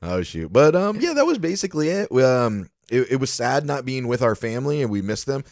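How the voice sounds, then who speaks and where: A man co-hosting a podcast, telling rambling stories in casual chat and jumping into animated voices for quotes. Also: medium pitch, brisk, no room sound, studio quality. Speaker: podcast co-host.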